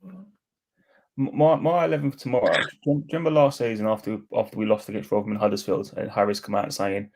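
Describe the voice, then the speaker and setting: A man co-hosting a casual football podcast over a remote call, relaxed, rambling and cheeky. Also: on the low side, fast. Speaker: podcast co-host.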